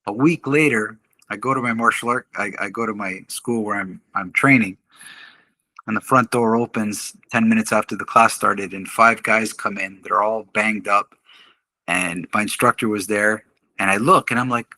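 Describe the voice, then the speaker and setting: A middle-aged man tells a story on a podcast in a bright, slightly husky voice. He is animated and laughs often, slipping into the voices of the people he quotes. The sound is dry and close. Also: lowish voice, normal speed, no room sound. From Canada. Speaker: podcast guest, martial arts instructor. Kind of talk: casual storytelling in an interview.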